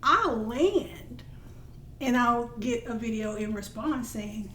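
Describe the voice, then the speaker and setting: A woman hosting a casual podcast, telling her side as an animated storyteller who acts out quotes with laughter. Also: a little high, slow. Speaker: podcast host. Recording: roomy, distant mic with faint noise.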